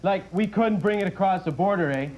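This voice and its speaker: A man's voice: high voice, dull audio, a little hiss or hum, natural voice. A man playing a dim, easygoing Canadian hoser with a Canadian accent, talking in a folksy way on a talk show. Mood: goofy. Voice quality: folksy, drawn-out, sprinkles every line with "eh". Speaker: sketch comedian. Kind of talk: in-character comedy bit. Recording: old broadcast tape with studio audience.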